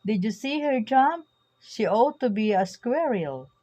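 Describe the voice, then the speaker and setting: A woman voicing a little tiny baby bear cub with a high, squeaky voice and an excited, wide-eyed way of talking. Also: unhurried.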